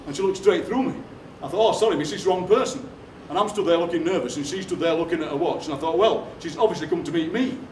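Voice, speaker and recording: A man, telling comic stories to a live theatre audience in a deadpan way. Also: on the high side, fast talker, few pauses, a little hiss or hum. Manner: deadpan anecdotes, acting out other people's lines. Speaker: poet performing on stage. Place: theatre stage. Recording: roomy hall from a distance. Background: audience laughter.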